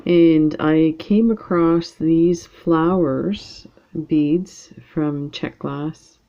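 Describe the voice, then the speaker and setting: A woman talks slowly and casually over her beading work, wandering from thought to thought with plenty of ums. Her voice has a gravelly, fried edge. The recording sounds a little dull and lo-fi. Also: sits low, mellow. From Canada. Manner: rambling, chatty, lots of fillers. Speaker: beading channel host. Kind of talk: casual chat while beading.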